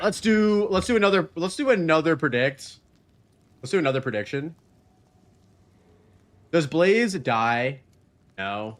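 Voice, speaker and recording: A man's voice: mid-range voice, fairly bright tone. A man streaming a video game, chatting casually, joking and laughing often as he reads chat messages aloud.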